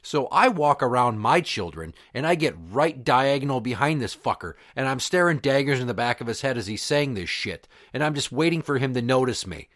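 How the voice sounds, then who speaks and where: A man's voice: a little high, a bit bright. A man and father hosting a podcast, delivering an angry, profane and emphatic solo rant. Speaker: podcast host.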